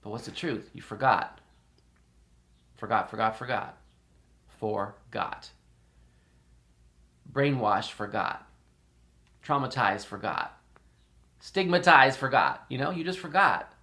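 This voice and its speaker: A man's voice: mid-range voice, lively intonation, slow pace, pauses often, sharp tone. A man talking casually and rambling at home, repeating himself and laughing often. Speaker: podcast host. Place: indoors in a house.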